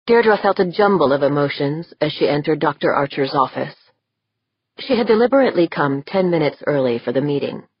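A woman narrating an audiobook in a steady scripted reading. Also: deep voice, slightly rough, dry recording. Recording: dull, dry lo-fi recording.

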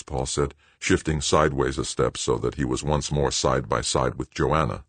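Male audiobook narrator, deep and husky, dry close read. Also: fairly even intonation, moderate pace, no room sound. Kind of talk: scripted narration.

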